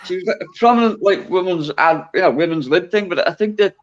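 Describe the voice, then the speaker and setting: A man's voice: sits high, brisk, lo-fi sound. A man from Liverpool with a Liverpool accent, co-hosting a casual chat and rambling with tag questions. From Liverpool, England. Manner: rambling, hesitant, lots of fillers and tag questions. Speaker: podcast co-host.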